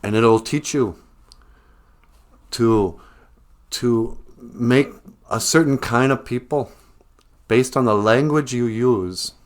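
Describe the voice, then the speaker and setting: Slow, low-voiced deadpan man. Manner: mock-serious, deadpan. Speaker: comedian vlogger. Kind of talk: satirical monologue.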